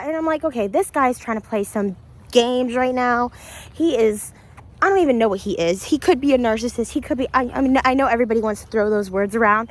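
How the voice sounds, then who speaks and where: A woman vlogger with a fairly high voice talks fast, telling a story to camera in a casual, chatty way. She speaks straight to her viewers and laughs often between lines.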